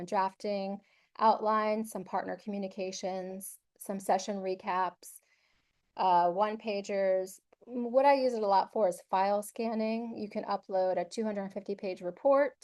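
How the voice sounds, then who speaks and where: A woman walks her audience through a webinar session. Her tone is upbeat and conversational, full of small fillers. Her voice is mellow and warm, sitting at a middle pitch. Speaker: webinar presenter. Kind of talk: instructional webinar presentation.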